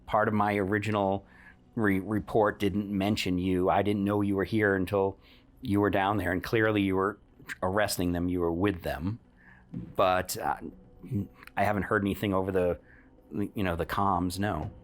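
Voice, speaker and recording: A woman's voice: very deep voice, little pitch movement, moderate pace. A man voicing a cornered, nervous but stubborn female bounty hunter who pleads and stumbles over her words in a tabletop game. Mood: flustered.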